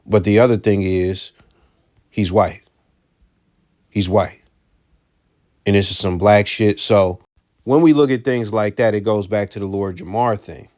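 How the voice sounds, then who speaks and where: A man's voice: fairly low pitch, normal speed, darkish tone. A man giving casual commentary, blunt and profane, who repeats his key points for emphasis.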